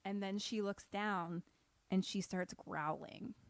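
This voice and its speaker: A woman's voice: medium pitch, takes it slowly, dry recording. A woman co-hosting a podcast, casually and profanely retelling a horror film. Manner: animated, profane, acts out characters. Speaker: podcast co-host.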